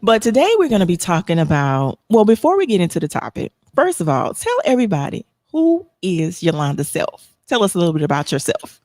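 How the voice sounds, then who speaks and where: A woman hosting a live podcast in casual chat, emotional and expressive. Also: on the low side, a little fast, few pauses, dry recording, clean studio sound. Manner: emotional, expressive, laughs often. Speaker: podcast host.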